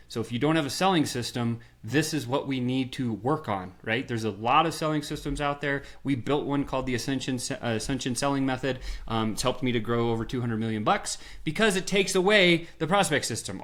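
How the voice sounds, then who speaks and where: A man who is a sales strategist, guesting on a podcast and talking in an energetic, punchy way full of rhetorical questions. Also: medium pitch, fairly quick. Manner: animated, acts out little scenes in voices. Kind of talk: energetic storytelling.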